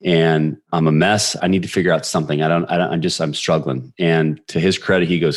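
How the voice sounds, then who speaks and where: Brief: very low-voiced man, forties, lively storyteller guest. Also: fast talker, hardly any pauses. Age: 40s. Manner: energetic, animated retelling with quoted voices. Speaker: podcast guest. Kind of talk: storytelling interview.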